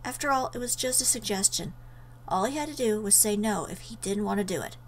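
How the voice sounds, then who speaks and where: A woman's voice: medium pitch, animated, brisk, a little hiss or hum, low-quality recording. A woman reading a visual novel aloud in an earnest way, breaking off for emotional asides. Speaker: let's player.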